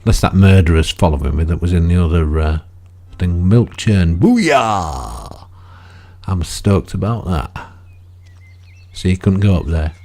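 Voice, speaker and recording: A man's voice: low-pitched, fairly even intonation, normal speed, warm tone. A man giving rambling, chatty gameplay commentary, often ending remarks with tag questions. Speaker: gaming video creator.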